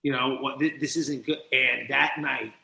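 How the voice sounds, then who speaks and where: Male podcast guest with a forceful, bright voice, swearing and acting out voices as he tells his story, in a roomy space. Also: medium pitch, moderate pace, gravelly. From New Jersey. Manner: animated, profane, acts out quoted voices. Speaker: podcast guest, recovery mentor. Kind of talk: personal storytelling in an interview. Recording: roomy echo.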